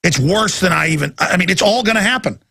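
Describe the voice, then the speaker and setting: Brief: male talk host, gravelly and forceful, sarcastic ranting monologue. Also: high-pitched, lively intonation, fast. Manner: angry, sarcastic and emphatic.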